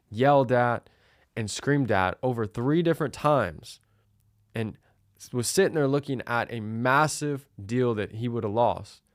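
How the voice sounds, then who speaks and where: A man's voice: mid-range voice, no room sound, clean studio sound. A man hosting a solo podcast, telling a story in a direct, emphatic way. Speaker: podcast host.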